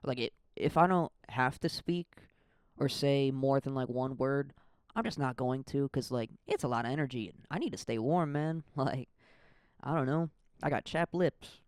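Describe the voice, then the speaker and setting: Rambling young man, smooth dry voice. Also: medium pitch, normal speed, dry recording. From American Midwest. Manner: rambling, self-deprecating, filler-heavy. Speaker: podcast host. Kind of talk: casual solo podcast monologue.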